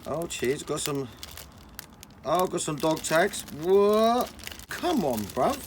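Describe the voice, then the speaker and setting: A young man, chatting casually and excitably on a vlog, full of slang. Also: fairly high pitch, slow, a little hiss or hum. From England. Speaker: vlogger.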